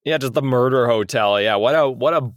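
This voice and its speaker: A man's voice: medium pitch, a little fast, no echo, clean studio sound. A man co-hosting a comedy podcast in casual chat, laughing often and joking as he explains. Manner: laughs often, jokey, puts on voices when reading quotes. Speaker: podcast co-host.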